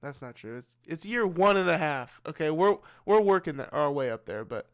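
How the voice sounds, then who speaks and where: A man's voice: on the high side, lively intonation, moderate pace, smooth. A young man hosting a casual late-night livestream, rambling and often repeating and restarting his words. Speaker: livestream host.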